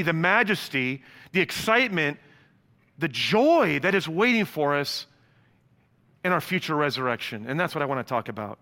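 A male pastor preaching a sermon, with a bright, forceful tone that sits a bit high for a man. He tells stories with humor and casual asides. His voice rings out with a long reverb, as in a large hall.

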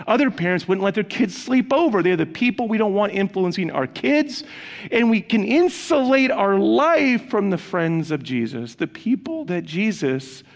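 Earnest male pastor preaching in a reverberant hall. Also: sits high. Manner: earnest, conversational preaching, addresses the congregation directly. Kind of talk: sermon. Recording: long reverb of a large hall.

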